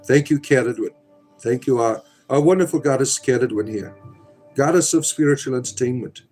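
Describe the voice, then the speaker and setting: A man's voice: mid-range voice, moderate pace, a little mellow, soft background music. A middle-aged man hosting a casual livestream, reading chat aloud in a rambling, sardonic, irreverent way.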